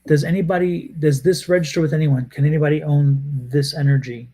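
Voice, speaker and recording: A man with a fairly high voice giving a live tarot reading. He rambles, stops and restarts, and repeats phrases as he goes. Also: steady tone, a little fast, warm tone. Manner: rambling, repeats himself, many hesitations. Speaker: tarot reader.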